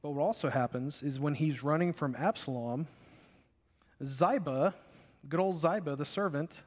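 A fairly high-voiced young man preaching with lively storytelling energy. His voice rings out with a long reverb, like a big sanctuary. He slips into character voices as he retells scripture. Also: normal speed. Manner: animated storytelling, acting out biblical characters. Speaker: pastor. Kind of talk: sermon. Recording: long reverb of a large hall.

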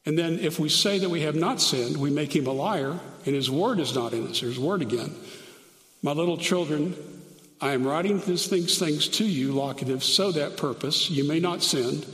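A man teaching through Bible verses, reading scripture slowly and adding grammar notes aloud as he goes. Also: a little high, a bit bright. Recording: echoey hall, long reverb.

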